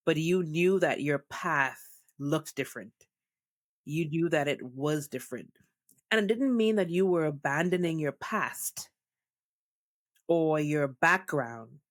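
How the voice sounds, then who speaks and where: Woman podcast host, thoughtful and measured, dry close mic. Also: sits low, dry recording. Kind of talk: reflective podcast conversation.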